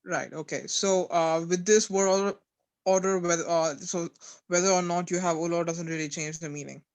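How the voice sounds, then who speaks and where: A man's voice: fairly high pitch, fairly even intonation, clear, resonant tone. A man, a student, asking a teacher hesitant questions in an online class. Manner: hesitant, halting phrasing.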